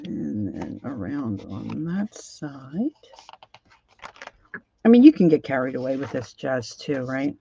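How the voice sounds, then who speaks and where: A woman's voice: rumbling low, sing-song, takes it slowly, gravelly, warm tone, muffled recording, slight background noise. A woman hosting a craft livestream who rambles and thinks aloud as she works, often trailing off mid-sentence. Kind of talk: casual crafting tutorial.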